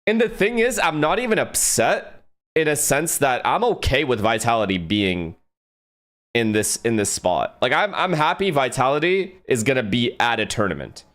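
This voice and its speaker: A man's voice: mid-range voice, lively intonation, moderate pace, a bit bright. A man streaming a watch party, swearing and complaining in an exasperated way. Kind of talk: live stream reaction talk.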